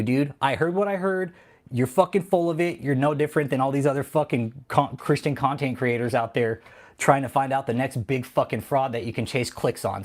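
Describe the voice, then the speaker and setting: A man hosts his own livestream, his voice sitting at an ordinary middle pitch. He talks loosely and repeats himself, swinging into heated, profanity-laden ranting. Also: a little mellow. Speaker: channel host. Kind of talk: angry livestream rant; casual livestream chat.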